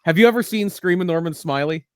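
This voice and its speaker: A man's voice: a little high, fast, smooth, dry recording, clean studio sound. A man co-hosting a casual wrestling podcast over a video call, talking with enthusiasm and stumbling over his restarts. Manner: animated, enthusiastic, stammers on restarts. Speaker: podcast co-host. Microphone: video call from a computer.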